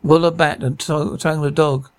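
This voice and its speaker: An actor playing a male witch who chants a spell slowly, in a TV sketch comedy. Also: fairly high pitch, little pitch movement, no echo, lightly acted. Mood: spooky.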